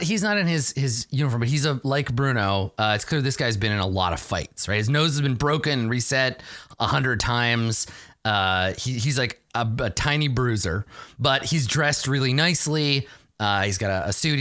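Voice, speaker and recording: A man's voice: on the low side, sharp tone, clear, resonant tone, no room sound, studio quality. A man narrating a tabletop game as game master, setting scenes cinematically with many fillers.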